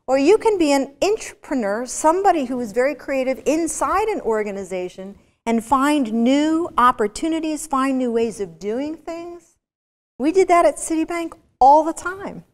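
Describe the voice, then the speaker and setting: A woman giving a university business lecture, telling stories with energy and throwing rhetorical questions at the audience. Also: high-pitched. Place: large lecture hall. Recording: long reverb of a lecture hall.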